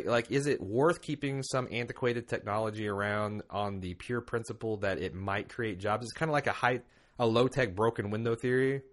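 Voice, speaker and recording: A man's voice: medium pitch, fairly bright tone. A man hosting a loose podcast chat. He rambles through tangents, pokes fun at himself, and stumbles over words with plenty of ums and uhs. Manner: rambling, self-mocking, many fillers. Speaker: podcast host. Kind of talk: casual podcast banter.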